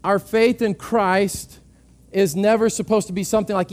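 Earnest male pastor, higher voice, sermon delivery, repeats words on restarts. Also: fairly even intonation, normal speed, darkish tone.

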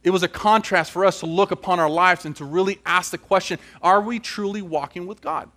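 A man's voice: high-pitched, a little fast, sharp tone. A man preaching a sermon and closing in prayer, earnest and building to emphatic questions.

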